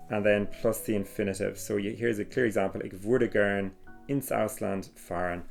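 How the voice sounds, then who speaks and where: A man teaching German exam phrases, explaining slowly and reading phrases carefully with some hesitations. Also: fairly low pitch, gravelly, darkish tone. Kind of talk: exam prep lesson.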